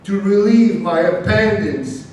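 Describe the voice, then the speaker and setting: A man giving a slow, measured poetry reading with long pauses, in a large church. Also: high voice, darkish tone. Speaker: poet reading at an event. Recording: very echoey church hall, mic far off.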